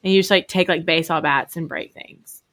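A woman's voice: lowish voice, fairly even intonation, a little fast, fairly bright tone. A young woman co-hosting a podcast, chatting casually and rambling through stories with lots of fillers and laughter. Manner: rambling storyteller, many fillers, often laughing. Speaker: podcast co-host. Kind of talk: casual chat. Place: Hawaii.

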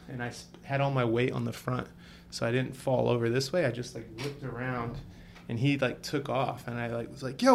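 Man, casual chat, gravelly, flat, rambling, faint background noise. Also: mid-range voice. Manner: laid-back, rambling, lots of fillers. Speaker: cyclist sharing stories.

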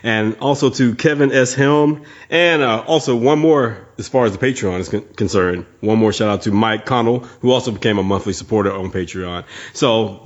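A man's voice: normal speed, hardly any pauses, lo-fi sound. A man hosting a podcast, talking in a laid-back, casual way and laughing often. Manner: laid-back, laughing, mimics people in a high voice. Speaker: podcast host.

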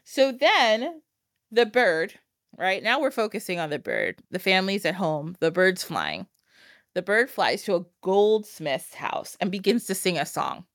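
A woman's voice: medium pitch, measured pace, no echo, clean studio sound. A woman hosting a podcast, casually retelling a fairytale with frequent laughs and acted-out quotes. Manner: animated, laughing, acts out quoted lines. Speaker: podcast host.

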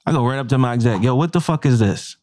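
A man's voice: mid-range voice, quick pace. A man, a chef and podcast co-host, telling a profane workplace story in casual talk and acting out the quotes. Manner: animated, profane, acts out quotes.

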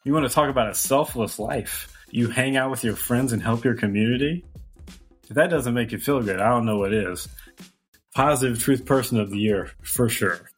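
A man co-hosting a podcast, chatting casually and relaxed, chuckling between remarks. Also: mid-range voice, normal speed, slightly rough, faint music behind. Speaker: podcast co-host. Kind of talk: casual chat.

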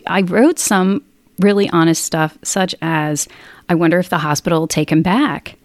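A woman's voice: on the low side, fairly even intonation, moderate pace, no room sound. A middle-aged woman author talking candidly in a casual interview, rambling with frequent restarts. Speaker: author guest.

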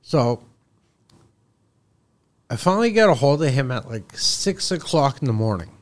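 A man's voice: medium pitch, big pitch swings, a little slow. Heated, profane man telling a job story. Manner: heated, profane, acts out both sides of phone calls. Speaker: contractor guest. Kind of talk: casual podcast storytelling.

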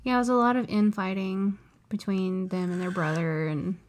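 A woman co-hosting a podcast, talking excitedly in a casual fan chat. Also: medium pitch, normal speed. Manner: chatty, excited fan talk with frequent laughs. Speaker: podcast co-host.

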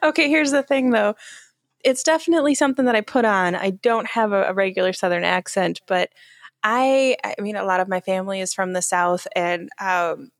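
A woman's voice: medium pitch, moderate pace, dry recording, clean studio sound. A woman from Michigan telling stories in a chatty, casual podcast conversation. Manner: chatty and talkative, easy storytelling. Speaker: podcast co-host. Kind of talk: casual chat, storytelling.

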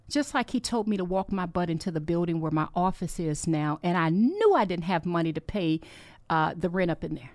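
A woman's voice: lowish voice, lively intonation, normal speed, darkish tone, dry recording. Earnest woman giving a faith talk. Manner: earnest, heartfelt, exhorting; personal, rambling storytelling with restarts. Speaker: podcast host. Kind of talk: faith-based encouragement talk.

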